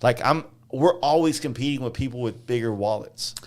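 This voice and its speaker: Man, podcast host, blunt swearing chat, filler-heavy, middling pitch. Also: normal speed, darkish tone. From Southern United States. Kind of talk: casual chat.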